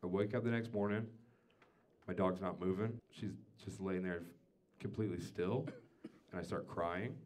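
A man doing a stand-up comedy set, telling a story with lots of swearing and swinging from quiet asides to loud rants. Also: low-pitched, normal speed, long pauses. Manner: swears freely. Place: comedy club stage before a live audience.

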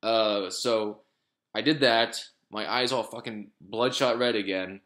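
Rambling low-voiced man vlogging. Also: slow, fairly bright tone. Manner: rambling, swears freely, many fillers and restarts. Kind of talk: casual talking-head vlog.

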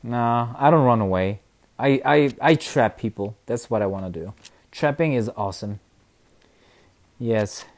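A young man streaming a video game, chatting casually and excitably, often laughing and mumbling then cheering loudly. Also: mid-range voice, a little slow, long pauses, dry recording. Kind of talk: casual live gameplay commentary.

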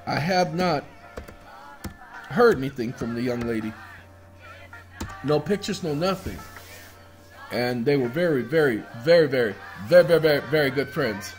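A man hosting his own video, rambling casually through documents on his screen, addressing viewers as y'all and breaking into bits of song. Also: fairly high pitch. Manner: rambling, talks to viewers as y'all, sings snatches of songs. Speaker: video host. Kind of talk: casual screen-share commentary.

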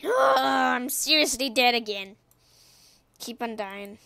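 Woman gaming host, high voice, unhurried, excitable self-talk commentary. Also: a little hiss or hum. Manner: excitable, talks to herself while playing, shrieks when killed. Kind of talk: let's play commentary.

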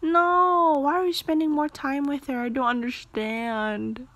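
Woman playing a story game, reacting out loud, slightly high voice, dry close sound. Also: a little slow, dry recording. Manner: expressive, exclaiming reactions to the story. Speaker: story game player and narrator. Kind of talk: casual reaction commentary.

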